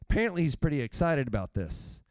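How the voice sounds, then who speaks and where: A man preaching a sermon in a conversational, animated way, with candid asides to the congregation. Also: a little high, fast talker, dry recording. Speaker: pastor.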